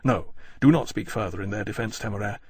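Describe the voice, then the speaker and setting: A formal captain hands down orders in a clipped, quietly severe way, as a male narrator voices him. His voice is gravelly and husky, recorded dry and close. It suits a storybook of naval discipline. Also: fairly low pitch, quick pace, dry recording. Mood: stern. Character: stern, formal naval captain, adult man. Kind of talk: audiobook character voice.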